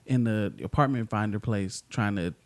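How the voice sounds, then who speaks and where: A man with a somewhat low voice joins the conversation in a relaxed, offhand way. He drops in short agreements and tells his own side now and then. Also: moderate pace. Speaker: partner joining the vlog. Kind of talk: casual chat.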